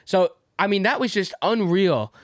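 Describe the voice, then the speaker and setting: A young man hosting a sports podcast. He talks in excitable, profane bursts and reacts quickly to his co-host. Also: high voice, no room sound, studio quality. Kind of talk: casual sports podcast chat.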